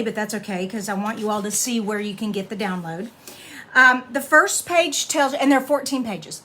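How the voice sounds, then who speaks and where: A woman's voice: fairly high pitch, a bit bright. Chatty woman demonstrating card crafts. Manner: chatty, laughs often, reads sayings aloud haltingly. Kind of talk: casual craft tutorial.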